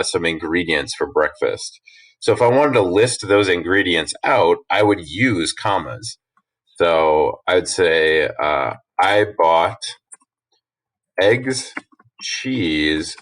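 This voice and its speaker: A man teacher walking students through a worksheet in a relaxed, explanatory way with frequent fillers. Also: sits low. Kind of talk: recorded classroom lesson.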